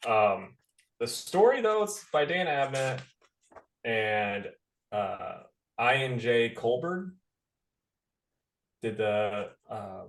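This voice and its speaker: A man of medium pitch talks frankly and with a tired edge, dropping the odd curse. His voice rings in an echoey room. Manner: blunt, exasperated, swears casually. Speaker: podcast co-host. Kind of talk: casual comic book review chat.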